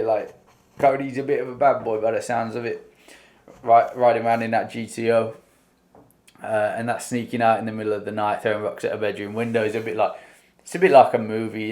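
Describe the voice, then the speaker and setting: A British music reaction host talks enthusiastically and casually as he responds to a song and works through its lyrics, rambling and using plenty of fillers. His voice is fairly low, creaky, and a bit mellow.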